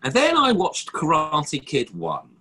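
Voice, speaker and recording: Husky, animated man in casual chat. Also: on the high side, a little slow. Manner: joking, animated storytelling. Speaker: podcast co-host.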